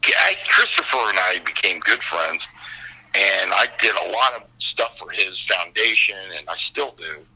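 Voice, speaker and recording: An older man, a guest actor, telling stories in a casual chat on a call, profane and animated. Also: low voice, normal speed, breathy edge, rough recording.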